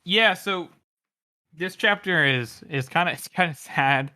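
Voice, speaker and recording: Bright-voiced man giving opinions on a podcast. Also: fairly high pitch, unhurried. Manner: rambling, swears, animated opinions. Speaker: podcast co-host. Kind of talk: casual book discussion.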